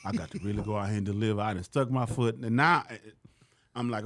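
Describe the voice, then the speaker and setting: A man's voice: mid-range voice, a little fast, no echo, studio quality. A man from Louisiana, a comedian guest telling stories in casual slang and acting out the people in them. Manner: animated, slangy, acts out the people he quotes. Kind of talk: casual storytelling on a podcast.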